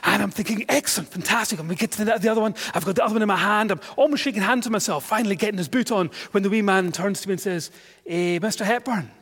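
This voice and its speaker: Scottish guy preaching, high-ish voice, funny story, self-mocking and animated. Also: very fast, hardly any pauses. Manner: lively, self-mocking storyteller with growing exasperation. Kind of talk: sermon with personal storytelling.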